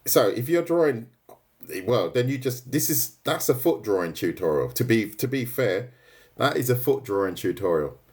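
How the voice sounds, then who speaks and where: A man's voice: medium pitch, very animated, moderate pace, darkish tone. A man leading a live drawing tutorial, chatting casually with his viewers and often checking in with "right?" and "mate". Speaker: art tutor streaming live.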